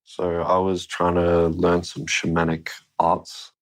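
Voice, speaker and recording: A man's voice: low-pitched, monotone, slow pace. A young man telling a story in a casual interview, laid-back and swearing freely.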